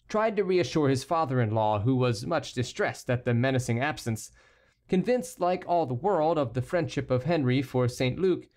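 A man giving measured, steady scripted narration of a classic novel as an audiobook narrator. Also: medium pitch.

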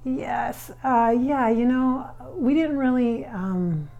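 A woman's voice: fairly high pitch, expressive, slow, warm tone, lo-fi sound. A woman working as a psychic medium, talking through a channeling session in a chatty, rambling way. She often corrects herself as she goes.

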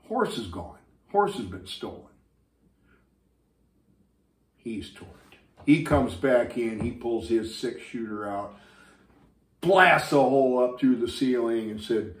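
Man host, unhurried, telling a joke in a loose easygoing way, echoey room. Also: mid-range voice, animated. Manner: easygoing storyteller. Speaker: YouTube channel host.

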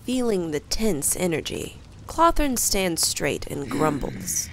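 A woman tells a tabletop adventure in a slow, storybook manner with a lively, rising and falling voice. Her tone is a touch low and gravelly, with a faint hiss behind it. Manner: slow, expressive telling with character voices. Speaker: game master narrator. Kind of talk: storybook narration of a tabletop game.

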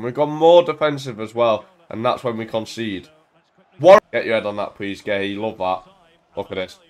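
A young man casually commentating on his own football video game at home into a desk mic, full of banter and bursting into shouts when his team scores. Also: medium pitch. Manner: excitable, banter-filled, shouts at goals. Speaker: gaming YouTuber.

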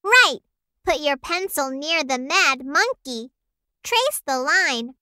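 A woman narrates a children's listening track, cheerful and encouraging, with very slow, carefully spaced words. Her voice is high and lively, bright, and recorded dry and close. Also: dry recording.

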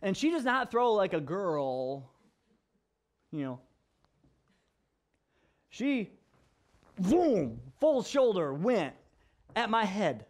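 Young guy pastor, storytelling sermon, gets quiet then loud, kinda high voice. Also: slow pace, pauses often. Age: young adult. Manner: animated storyteller, swings from hushed to loud and laughing.

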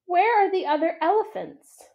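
A woman voicing a small young female elephant calf with a small, clear, curious voice. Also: extremely high pitch, sing-song, moderate pace, lo-fi sound, pitched above the performer's own voice, exaggerated voice. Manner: small clear piping voice, eager questions.

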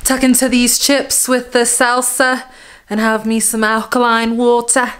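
A woman's voice: a little high, monotone, unhurried, a bit bright, smooth, voice pushed up. A young woman vlogging in a put-on Yorkshire accent, chatty and self-mocking. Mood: playful. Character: an American woman faking a Leeds accent. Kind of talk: casual vlog chat.

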